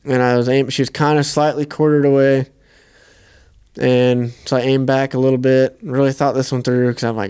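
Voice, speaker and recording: A young man co-hosting a podcast tells a hunting story in a loose, easygoing way, swearing often. His voice is smooth and clear, in a middle pitch. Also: moderate pace. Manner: relaxed, profane storytelling. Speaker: podcast co-host. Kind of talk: casual hunting story chat.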